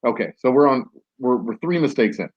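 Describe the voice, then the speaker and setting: A man's voice: medium pitch, animated, brisk, husky, muffled recording. A man hosting a podcast, telling a story casually, rambling with many fillers and restarts. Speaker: podcast host.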